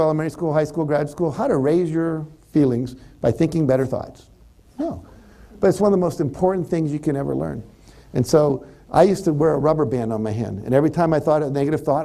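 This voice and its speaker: This man's voice sits a little high and has a dark tone. He's a motivational speaker living in California, talking conversationally in a seminar before a live crowd while dramatizing sample thoughts.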